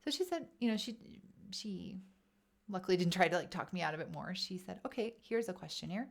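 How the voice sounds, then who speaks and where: A woman casually telling a personal story to camera in a vlog, chatty and animated, acting out quoted thoughts. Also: fairly low pitch, brisk, gravelly. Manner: chatty, animated, acts out quoted inner voices. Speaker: wellness vlogger.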